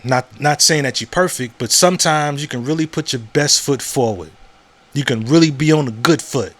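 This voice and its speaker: This podcast host is a man with a mid-range, slightly bright voice at a normal speed. In a casual monologue he speaks frankly and profanely, repeating himself often and checking in with lines like "you know what I'm saying?"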